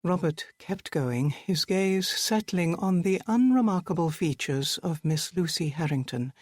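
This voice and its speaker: An audiobook narrator reading a period mystery in an even, measured way. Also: mid-range voice, no room sound, clean studio sound. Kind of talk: scripted narration.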